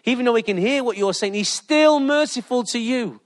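High-voiced pastor, jokey. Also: male voice, fairly quick. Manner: jokey, animated storytelling with laughter. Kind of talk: lively sermon with anecdotes.

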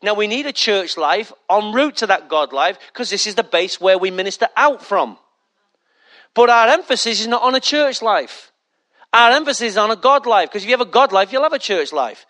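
A man preaches from the pulpit in a high, bright, ringing voice. He drives his points home with emphasis and drops joking asides straight to the congregation. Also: animated, moderate pace. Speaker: pastor. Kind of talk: sermon.

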